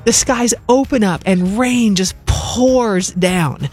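A woman's voice: medium pitch, slow, darkish tone, slightly rough, faint music behind. A woman telling a heartfelt, reflective personal testimony about her mission work.

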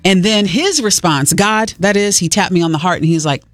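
A woman sharing a personal story in a sermon, talking conversationally and jumping up in pitch when she gets excited. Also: a little fast, hardly any pauses, no echo, faint music behind. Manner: lively, conversational storyteller with sudden high exclamations. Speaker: speaker sharing a faith story.

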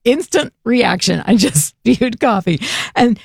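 Woman, casual storytelling, animated, gravelly, dry sound. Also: fairly high pitch, takes it slowly, dry recording. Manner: laughs through the telling, animated.

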